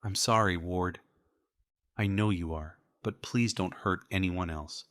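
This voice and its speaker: A man's voice: low voice, measured pace, a bit bright, no echo, clean studio sound. A man voicing a tearful, broken young woman. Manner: tearful, breaking voice. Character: badly burned, remorseful young woman.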